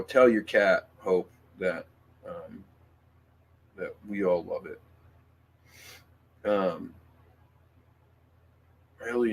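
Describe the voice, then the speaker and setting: A man's voice: lowish voice, a little hiss or hum. A man hosting a casual livestream, reading viewer comments and talking in a rambling, emphatic way with lots of fillers, restarts and swearing.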